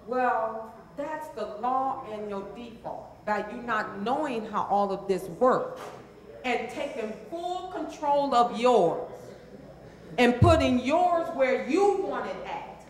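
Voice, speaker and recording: Slow, emphatic woman coach, echoey hall. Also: fairly high pitch, animated. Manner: call-and-response, repeating phrases for emphasis. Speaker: transformational coach. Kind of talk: motivational seminar talk to a live audience. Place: room with a live audience.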